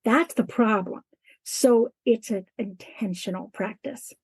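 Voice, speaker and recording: A woman's voice: fairly high pitch, a little slow, a little mellow, breathy edge, no room sound. A woman teacher talking as a guest in an interview, earnest and emphatic. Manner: earnest, emphatic, acts out classroom talk. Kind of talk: conversational interview.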